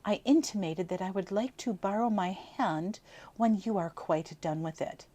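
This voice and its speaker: A woman's voice: medium pitch, moderate pace, warm tone, lightly acted. A woman reading aloud, giving voice to a sassy nineteen-year-old girl who teases in a cool, mock-innocent way. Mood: teasing.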